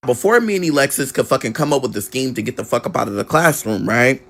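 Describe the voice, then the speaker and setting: A man's voice: mid-range voice, expressive, fast, vocal fry, hardly any pauses, a bit bright. A man telling a personal story in a casual vlog, candid and conversational with frequent swearing.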